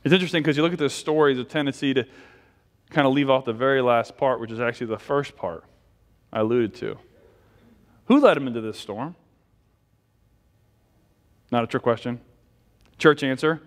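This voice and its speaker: A man's voice: medium pitch, normal speed, long pauses, big-room sound. A man giving a conversational sermon as pastor, asking the congregation questions and leading a closing prayer. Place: church sanctuary.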